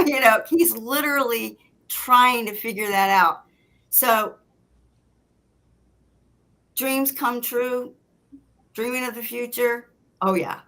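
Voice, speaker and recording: A woman's voice: on the high side, takes it slowly, long pauses. A woman guest telling a personal story in casual chat, acting out what people said. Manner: animated, acts out quoted lines.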